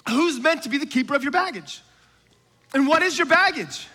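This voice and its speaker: A man preaching a sermon with passion, building to shouts on key lines. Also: very high-pitched, expressive, a little fast, long reverb tail.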